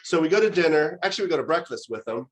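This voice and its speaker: A man's voice: on the high side, very fast, poor audio. A man giving a conversational lecture on parenting, telling stories and acting out exasperated outbursts. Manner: storytelling, with animated quoted outbursts.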